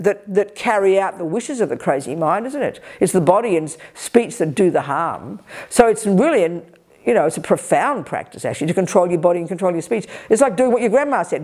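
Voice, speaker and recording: Energetic older woman, Dharma teacher, blunt and lively, warm low tone. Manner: energetic, direct, lively emphasis. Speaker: Buddhist teacher leading a retreat. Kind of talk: Dharma teaching with audience questions. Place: retreat hall.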